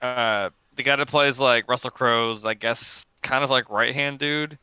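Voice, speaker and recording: Foul-mouthed man, very bright dry voice. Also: mid-range voice, measured pace, smooth, no room sound. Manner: swears a lot, rambling and excitable. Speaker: podcast co-host. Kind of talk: casual chat.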